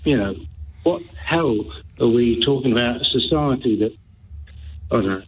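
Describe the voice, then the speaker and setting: A male caller speaks haltingly to a radio host and rambles as he searches for his words. His voice is slightly husky and sits in a middle register. It comes through a thin, tinny phone line. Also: mid-range voice, lively intonation. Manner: hesitant and rambling. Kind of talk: phone-in call.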